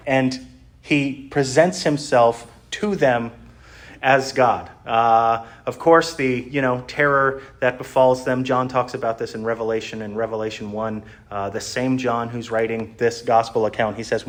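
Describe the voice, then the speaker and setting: A middle-aged man teaches from scripture in an easygoing, conversational tone. His pitch sits in the ordinary middle range. He pauses often on "uh" while working through an explanation. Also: fairly even intonation. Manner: conversational, explanatory, frequent "uh" fillers. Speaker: pastor. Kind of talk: sermon teaching.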